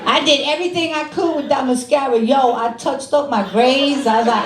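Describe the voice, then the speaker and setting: A woman's voice: sits high, fairly quick, hardly any pauses, background noise. A woman in her fifties from Brooklyn with a New York accent, doing a brassy, sassy stand-up set in a comedy club. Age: 50s. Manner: brassy, animated, sassy street-talk delivery. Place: comedy club stage with a live audience. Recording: echoey club room with crowd laughter.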